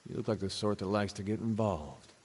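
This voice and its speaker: Big wry man, sardonic, unhurried, low voice, long reverb. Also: a little mellow, husky. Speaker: game character.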